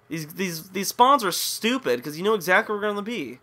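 A man's voice: sits high, expressive, brisk, bright, forceful tone, a little hiss or hum. A young man giving live gameplay commentary, frustrated, swearing and ranting at the game. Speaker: gaming commentator.

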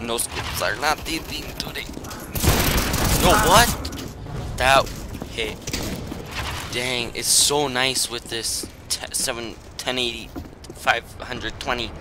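A man's voice: mid-range voice, slow. A young man giving casual, jokey commentary while playing a shooter at home, yelping and laughing as he plays. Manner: excitable, jokey, frequent yelps and laughs. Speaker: gaming YouTuber. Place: indoors at his computer, home. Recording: game gunfire noise behind voice.

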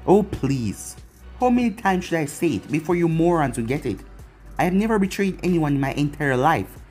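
A man voicing a calm, smug young male ninja who speaks dismissively, in a husky voice. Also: fairly high pitch, normal speed, soft background music.

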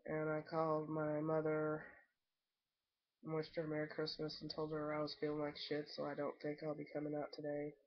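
A woman talking casually to her camera, wandering through her story with plenty of ums and asides. The sound is dull and low-fidelity, like a cheap home recording. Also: monotone, normal speed. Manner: rambling, chatty storytelling with many ums. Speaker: vlogger.

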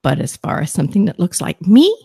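A middle-aged woman, a guest psychic medium, telling a story in an animated, excitable, rambling way on a talk show. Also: fairly low pitch, a little fast, gravelly, breathy edge, dry recording, clean studio sound.

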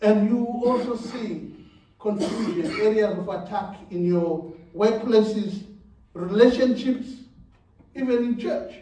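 A man's voice: high-pitched, slow pace, warm tone. A man preaching a sermon in a church, repeating words and laughing between phrases. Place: church hall. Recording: very echoey church hall, mic at a distance.

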